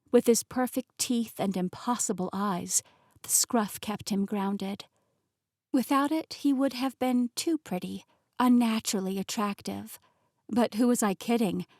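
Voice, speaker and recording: A woman narrating a novel in the first person, telling the story in an expressive, emotionally engaged way. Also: mid-range voice, dry recording, clean studio sound. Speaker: audiobook narrator.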